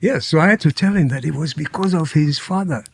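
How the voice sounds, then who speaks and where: A man's voice: on the high side, fairly quick, creaky, husky. An older man from Nigeria with a Nigerian accent, a podcast guest telling stories, acting out quotes and laughing often. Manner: animated anecdotes, acts out quotes, laughs often. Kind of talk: casual storytelling interview.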